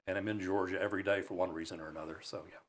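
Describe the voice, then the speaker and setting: A man from Alabama, a broadcaster guest, telling lively, self-mocking stories in a studio interview. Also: low voice, racing. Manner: animated, self-mocking storyteller. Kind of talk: storytelling in a talk show interview. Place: radio studio.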